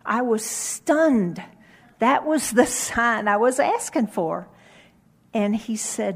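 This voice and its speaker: A middle-aged woman, a children's pastor, telling a Bible story and her own testimony to children in a lively way, then praying gently. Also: a little high, slow.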